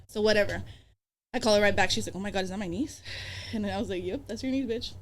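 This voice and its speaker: A woman's voice: medium pitch, fairly even intonation, fast, crowd noise. A young adult woman, a podcast guest, telling a story in casual chat, swearing freely and acting out the quoted dialogue. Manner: profane, acts out quoted dialogue. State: pregnant.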